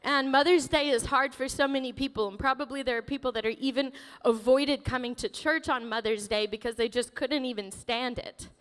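High-voiced woman pastor preaching. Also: brisk, few pauses, in a large hall. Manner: emotional, laughing often, animated storytelling. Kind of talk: sermon. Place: church sanctuary.

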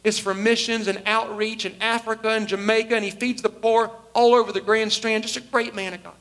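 High, bright-voiced pastor. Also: male voice, brisk. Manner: animated storyteller acting out quoted voices. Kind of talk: sermon storytelling.

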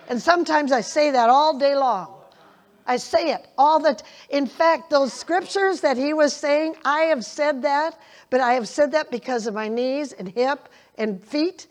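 An older woman preaches slowly, taking her time over each phrase. Her voice sits a little high for a woman, and she keeps breaking into small chuckles. She drives scripture lines home by saying them again and again. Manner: folksy, laughing, repeats scripture emphatically. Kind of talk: sermon.

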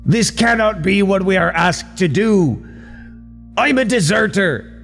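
A man's voice: medium pitch, expressive, measured pace, darkish tone, long reverb tail, soft background music. A man voicing a weary, guilt-ridden old pirate captain, pleading and close to tears. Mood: despairing. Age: older. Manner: anguished pleading, voice strained near tears.

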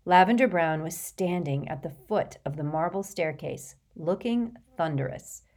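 A woman narrates a storybook aloud in a low voice. Her reading is even and clear, like a scripted audiobook. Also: measured pace.

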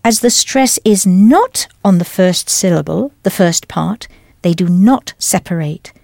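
A woman leading a scripted audio language lesson, explaining patiently and deliberately into a close studio mic. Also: fairly low pitch, expressive, creaky, a little mellow, no room sound. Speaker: language teacher.

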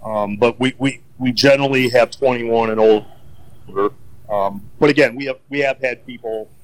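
A man of ordinary pitch talks through his answers patiently, explaining things step by step. He often pauses on ums and restarts his sentences as he goes. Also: steady tone, low-quality recording. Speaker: county emergency management director. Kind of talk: casual interview answers.

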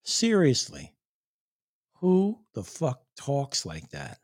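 A man's voice: mid-range voice, wildly swooping pitch, slow, darkish tone. A man ranting angrily to his viewers, swearing a lot and laughing in disbelief. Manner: angry, profane, incredulous, laughs in disbelief. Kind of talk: profane political rant.

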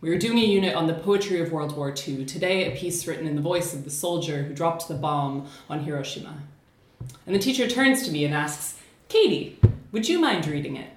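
An American woman whose accent has been slightly reshaped by life in Scotland performs a spoken word poem. Her delivery is measured and rhythmic, slowing on key phrases. Her voice sits a little low, and the room around her rings with echo. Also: lively intonation, a little hiss or hum. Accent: American, slightly shifted by living in Scotland. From United States.

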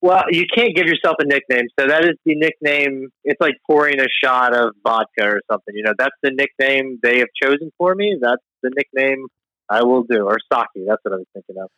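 A man's voice: mid-range voice, a little fast, pushed and bright, no echo, poor audio. A man guesting on a podcast, chatting casually with dry, offhand humor. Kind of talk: casual chat.

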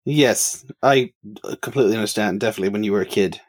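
Husky-voiced, gentle tabletop player. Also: male voice, on the low side, fast talker. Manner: gentle, amused. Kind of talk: casual tabletop play.

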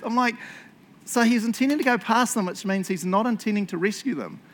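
A man preaching a casual sermon, telling stories in an excitable, chatty way and laughing along. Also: sits high, a little fast.

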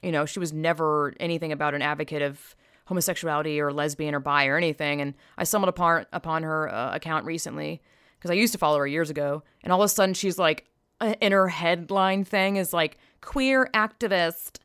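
A woman's voice: sits low, brisk, a bit bright, clean tone, no echo, clean studio sound. A woman giving a casual opinion monologue, blunt and profane, emphatic, with frequent sighs. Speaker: vlogger.

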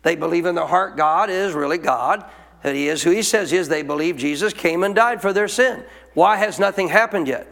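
Emphatic high-voiced preacher in a reverberant hall. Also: male voice, fairly quick, creaky, fairly bright tone. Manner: emphatic preaching with rhetorical questions. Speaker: pastor. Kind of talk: sermon.

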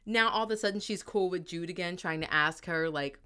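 A young woman in casual book chat, animated and swearing freely as she acts out scenes. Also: fairly low pitch, fairly quick, clear, resonant tone. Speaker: book discussion co-host.

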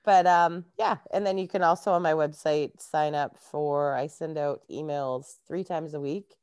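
A woman's voice: low-pitched, fairly even intonation, measured pace, darkish tone, smooth, no room sound, clean studio sound. A Canadian woman, a life coach, chatting casually as an interview guest and laughing often.

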